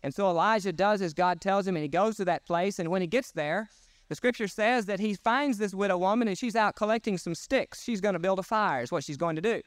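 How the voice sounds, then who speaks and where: A male pastor preaching a sermon in an emphatic, folksy storytelling way. His voice is high and clear. The recording is close and dry. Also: fairly quick, no room sound. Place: church service.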